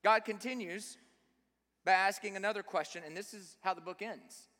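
Male preacher, sermon, bright forceful tone, emphatic, rhetorical questions, long hall reverb. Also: high voice, fairly even intonation, moderate pace.

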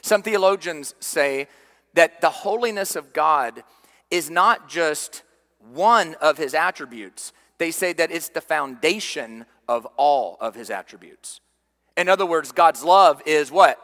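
A man preaching a sermon, swinging from loud emphatic peaks to hushed low passages. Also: lively intonation, measured pace, big-room sound. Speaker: pastor.

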